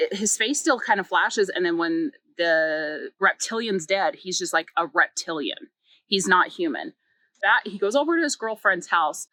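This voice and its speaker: A woman's voice: fairly low pitch, bright, forceful tone, dry recording, poor audio. A woman reviewing a book, retelling its plot in a chatty way with many filler words and small acted quotes. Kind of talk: casual story recap.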